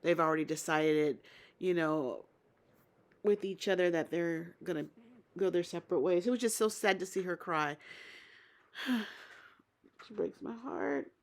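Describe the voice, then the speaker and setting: A woman's voice: lowish voice, moderate pace. A woman giving a casual, opinionated spoken recap of a reality TV episode, thinking aloud as she goes. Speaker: TV show recap reviewer.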